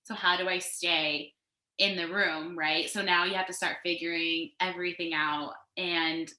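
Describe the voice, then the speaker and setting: A woman co-hosting a casual panel chat from her couch over a video call, animated and talkative, with lots of "like" fillers. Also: fairly low pitch, a little slow, echoey room. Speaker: co-founder and co-host of a design panel. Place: home, sitting on a couch.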